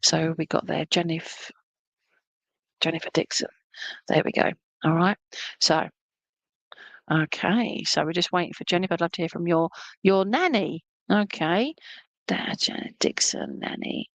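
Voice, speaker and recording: A woman's voice: on the low side, normal speed, pauses often, no room sound. A woman working as a spiritualist medium, giving an online reading at home in a chatty, affectionate way with lots of fillers.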